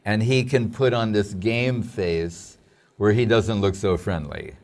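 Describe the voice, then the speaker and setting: A man interviewing a guest, prompting him and finishing his sentences, then recalling memories of their teacher at an unhurried pace. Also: on the low side, a little mellow. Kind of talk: casual interview chat.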